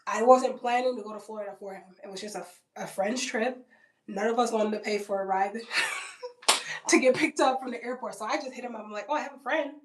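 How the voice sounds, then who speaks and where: With a voice on the high side and a brisk delivery, a female vlogger in her twenties tells a story casually and bluntly, swearing and using plenty of "like" and fillers. The audio is roomy and distant from the mic, with slight background noise.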